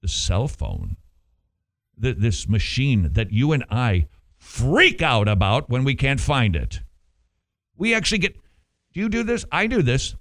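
A man preaching a sermon, animated, with rhetorical questions and playful asides. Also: medium pitch, a little slow, long pauses. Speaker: pastor.

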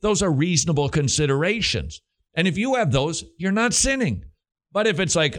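A man's voice: a little high, sing-song, normal speed, fairly bright tone. A middle-aged man with a Southern American accent, hosting a Christian question-and-answer radio show with an emphatic, preacherly delivery.

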